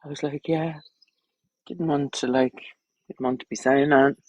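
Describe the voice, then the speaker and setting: A woman's voice: extremely low pitch, steady tone, normal speed, a little mellow, no room sound, highs cut off. An Irish woman with children, chatting bluntly and crudely on a casual livestream, rambling from topic to topic. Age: adult, with children.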